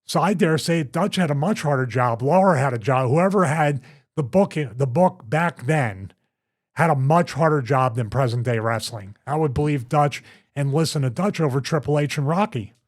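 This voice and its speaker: A man with a Philadelphia accent, an older former wrestler hosting a podcast, talking in an emphatic, animated way. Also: a little high, normal speed. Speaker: show host, former wrestler. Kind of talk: casual podcast chat.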